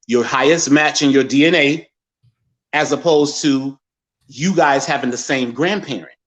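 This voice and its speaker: A man in his forties from the American Midwest, telling a personal story as a guest and acting out other people's words in lively quotes. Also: mid-range voice, measured pace. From Gary, Indiana, USA. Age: 40s. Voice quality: animated storyteller who acts out others' words.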